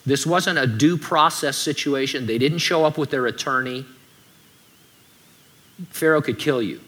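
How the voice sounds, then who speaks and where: A man delivers a sermon in a bright, forward voice. He keeps it conversational and breaks in with joking asides, at a medium pitch. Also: unhurried. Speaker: pastor.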